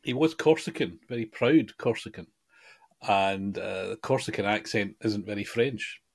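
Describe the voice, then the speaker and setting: A man's voice: on the low side, moderate pace, creaky. A man co-hosting a podcast in casual chat, joking and wandering off into self-deprecating digressions. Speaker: podcast co-host.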